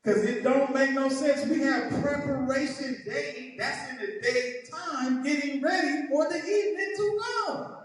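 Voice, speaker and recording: A man's voice: extremely high pitch, a little slow. A man teaching a heated Bible lesson, emphatic and mocking, often tagging his points with "right?". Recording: echoey hall, mic far off.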